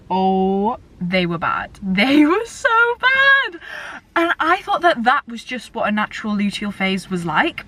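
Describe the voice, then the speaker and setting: A young woman in her twenties chatting casually while driving, excitable and swearing often. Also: medium pitch. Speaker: vlogger. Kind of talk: casual chat. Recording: loud road noise from the car.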